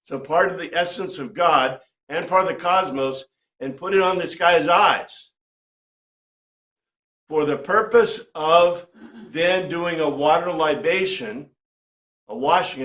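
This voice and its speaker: A man teaching an informal Bible study class, talking in a conversational, animated way and often checking in with "right?". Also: a little high, takes it slowly, long pauses, roomy sound.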